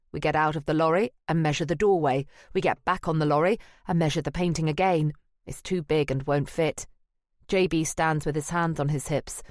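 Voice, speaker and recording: A woman's voice: sits low, a little mellow, no echo. A woman narrating a first-person audiobook in a wry, dry manner. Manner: wry and dry, present-tense telling.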